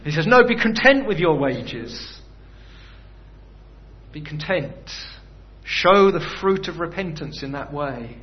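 Slow and deliberate, this preacher leaves long pauses and lets his pitch swing widely as he talks through a sermon in an easygoing manner. He poses rhetorical questions to listeners in a slightly high male voice, captured on a dull, lo-fi recording.

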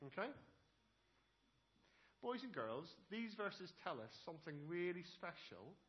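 A man's voice: high-pitched, a little slow, highs cut off. A man leading a playful children's talk in a church service, asking the children lots of questions. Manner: lively and playful, addressing children directly with frequent questions. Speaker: preacher giving a children's talk.

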